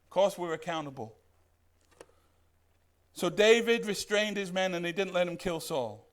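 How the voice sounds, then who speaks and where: Animated preacher with a high voice. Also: male voice, moderate pace. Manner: animated, asks the congregation questions. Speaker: pastor. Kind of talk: sermon.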